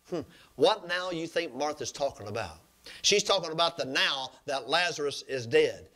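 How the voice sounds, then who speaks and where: A man's voice: animated, normal speed, pushed and bright. A man preaching a sermon, retelling scripture stories and asking the congregation for amens. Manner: storytelling preacher, calls for amens, pitch swings up and down.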